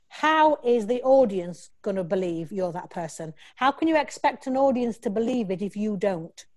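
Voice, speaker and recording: A woman's voice: medium pitch, moderate pace, hardly any pauses. A woman actress talking in a casual interview, rambling and restarting as she tells stories. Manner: rambling, restarts often, animated storytelling.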